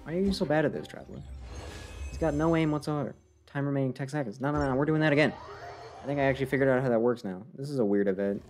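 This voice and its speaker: A man streams a game from home and chats casually, teasing the characters and mocking his own mistakes. His voice sits at an ordinary middle pitch. Game music plays clearly behind him. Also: fast, a little mellow. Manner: playful, self-mocking, talks to game characters. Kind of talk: casual gameplay commentary.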